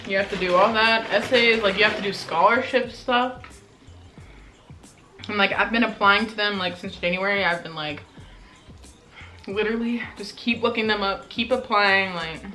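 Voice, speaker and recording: A teenage girl from Colorado, USA chats casually in a mukbang vlog, talking while she eats and saying "like" constantly. Her mid-range voice sounds pushed and bright, and the audio quality is poor.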